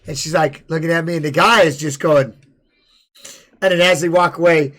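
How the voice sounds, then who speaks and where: Rambling storytelling man, fairly high voice. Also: moderate pace. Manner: rambling, animated storytelling with laughs. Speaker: podcast host and former fighter. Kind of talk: casual chat and storytelling.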